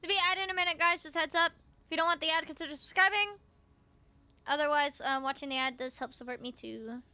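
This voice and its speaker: A woman's voice: sits high, quick pace, pushed and bright, no echo. A woman from Canada, chatting casually with her viewers during a live game stream and swearing freely. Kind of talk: live gaming stream chat.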